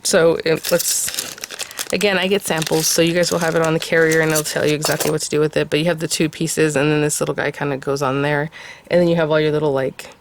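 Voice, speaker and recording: A woman's voice: deep voice, flat delivery, fast, slight background noise. Chatty woman reviewing craft supplies. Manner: chatty, with fillers and soft laughs. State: getting over a summer cold. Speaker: craft video host. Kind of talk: casual product review.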